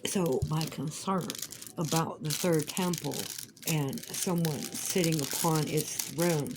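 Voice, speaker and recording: Low-pitched woman vlogger, chatty and rambling, swears a lot; faint crinkling behind. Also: slow pace, noisy background. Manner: rambling, profane, emphatic. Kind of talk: casual crafting chat.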